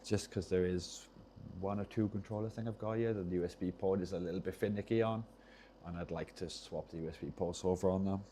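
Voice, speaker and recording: A man's voice: sits low, fairly even intonation, fairly quick, mellow, a little hiss or hum. A man casually chatting on a livestream while he solders, rambling and often losing his train of thought. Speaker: streamer repairing controllers.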